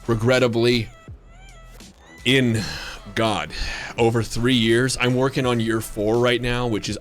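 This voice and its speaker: A man streaming a game live, chatting casually with viewers in a jokey, rambling, playfully flirtatious way. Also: mid-range voice. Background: faint background music.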